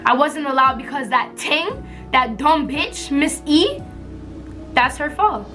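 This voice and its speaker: Animated high-voiced young woman vlogger. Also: takes it slowly, faint music behind. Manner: animated, laughs often, slangy and blunt. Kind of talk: casual storytelling.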